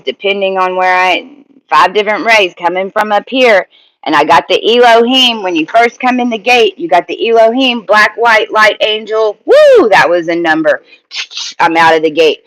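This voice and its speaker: A man's voice: high voice, sharp tone, poor audio. A man teaching spiritual ideas in an emphatic monologue, often repeating and restarting phrases.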